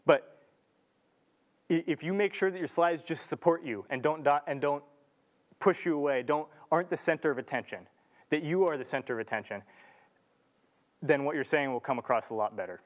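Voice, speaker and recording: A man's voice: fairly high pitch, moderate pace, pauses often. Earnest young man lecturing a big room. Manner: casual, earnest, with restarts and filler ums. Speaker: student speaker. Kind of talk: live talk to an audience.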